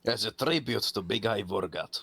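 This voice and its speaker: A man's voice: lowish voice, lively intonation, moderate pace, vocal fry, a bit bright, husky, heavily acted. A man playing a bold, demanding messenger. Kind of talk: tabletop role-play character voice.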